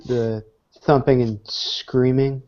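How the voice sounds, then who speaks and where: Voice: medium pitch, little pitch movement, takes it slowly, a little mellow. A player in a tabletop game asking the game master questions. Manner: inquisitive, questioning. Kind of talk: casual tabletop play. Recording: dull lo-fi recording.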